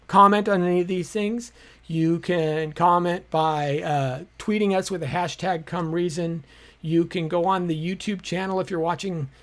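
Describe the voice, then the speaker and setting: A man hosts a live-streamed teaching talk and explains his points patiently. He speaks conversationally and often pauses on small fillers. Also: on the high side. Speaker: apologetics teacher hosting a live show.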